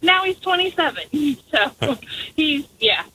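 Woman caller from Indiana, bright and eager, faint line noise. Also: high-pitched, sing-song, takes it slowly, rough recording. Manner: enthusiastic, chatty with fillers. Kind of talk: call-in radio chat.

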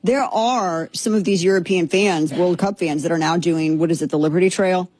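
A woman's voice: on the low side, steady tone, moderate pace, a little mellow, husky, no room sound. A woman hosting a commentary show, talking in a chatty, sarcastic, rambling way. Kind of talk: opinionated political commentary.

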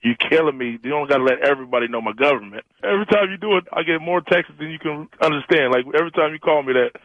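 A man's voice: on the high side, animated, rapid-fire, no echo, lo-fi sound. A man talking casually and jokingly complaining in a played-back clip.

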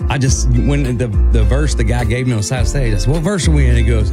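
Animated man telling a story. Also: brisk, loud music behind the voice. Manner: animated, acts out quotes in a higher voice. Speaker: guest co-host, country singer. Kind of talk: casual storytelling on radio.

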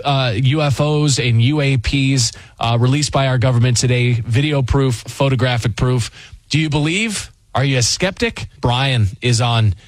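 A man's voice: medium pitch, dry recording. A man hosting a call-in radio show in a studio, talking casually and upbeat with callers and his co-host. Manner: casual, upbeat, says buddy and dude. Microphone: studio mic.

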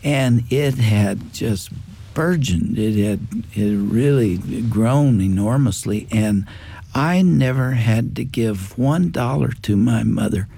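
An older man telling a family story in a reflective faith talk, with pauses and fillers. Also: mid-range voice, gravelly, warm tone, slightly rough. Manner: slow, reflective, with fillers and quoted dialogue. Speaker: guest.

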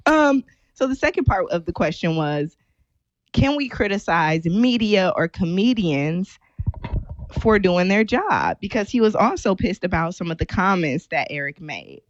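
A woman's voice: fairly low pitch, big pitch swings, measured pace, no room sound, muffled recording. A woman hosting a podcast in casual chat, teasing her co-host and laughing often.

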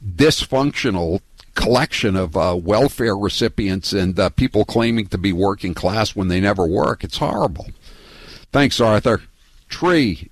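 Animated, rambling talk radio host man. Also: fairly low pitch, no echo. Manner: animated, rambling, repeats and restarts words. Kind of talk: political call-in talk radio.

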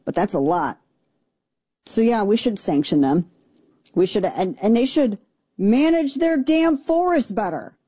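A woman's voice: mid-range voice, expressive, unhurried, pauses often, dark tone, husky, no room sound. A woman hosting a political commentary show, talking in an indignant, exasperated way with many restarts. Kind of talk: opinionated commentary monologue.

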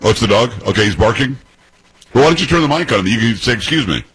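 A man hosts a talk radio show, trading jokes with his co-hosts. His voice is husky yet bright and sharp. His pitch swings widely as he banters and ribs them. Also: animated, low-quality recording. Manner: teasing, laughs a lot, quick jokes. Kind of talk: casual banter on air.

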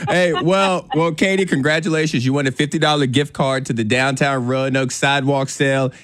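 Male morning radio host, upbeat and quick, slightly high voice, dry studio mic. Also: a bit bright, no room sound. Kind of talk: morning radio call-in game. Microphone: studio microphone.

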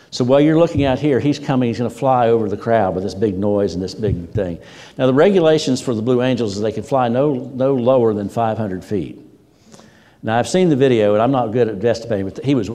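A man's voice: mid-range voice, warm tone. A man preaching a sermon as a pastor, telling stories with energy and repeating words for emphasis. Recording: long hall reverb.

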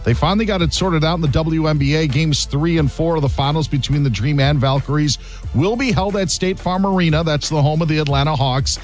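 A man delivering a sports news update in a steady, matter-of-fact way. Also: a little high, a little fast, soft background music.

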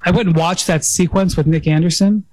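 A man's voice: high voice, fairly even intonation, brisk, a little mellow, no room sound, low-quality recording. A man in a casual sports podcast conversation who restarts often while trying to recall details. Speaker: basketball writer on a podcast.

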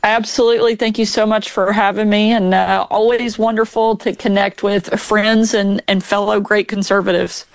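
A woman's voice: medium pitch, flat delivery, moderate pace, hardly any pauses, dry recording. A woman in her forties, a governor as an interview guest, telling family anecdotes casually. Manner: warm anecdotal storyteller, laughs often.

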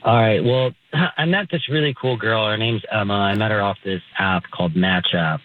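Young man, caller, rambling, relaxed, thin phone-line sound. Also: fairly low pitch, moderate pace. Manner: laid-back, rambling with many "like"s. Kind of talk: casual phone-in storytelling.

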